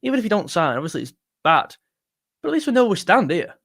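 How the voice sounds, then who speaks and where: A young man hosting a casual fan live stream, excitable and jumpy, talking straight to his chat. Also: high-pitched, fast, creaky, no echo, clean studio sound. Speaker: football fan channel host.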